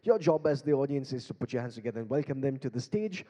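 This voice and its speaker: Playful emcee in a big echoing hall. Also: male voice, mid-range voice, lively intonation, quick pace, mellow. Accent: Indian English. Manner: playful, coaxing the audience. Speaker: event emcee and beatboxer. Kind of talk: live stage hosting with crowd interaction. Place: large conference hall stage. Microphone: handheld stage mic. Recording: long hall reverb.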